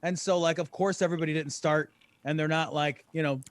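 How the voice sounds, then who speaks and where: A man's voice: on the high side, brisk, dry recording. A man co-hosting a podcast, chatting casually and jokingly and acting out other people's voices. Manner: lively, joking, acts out quoted voices. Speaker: podcast co-host. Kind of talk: casual chat.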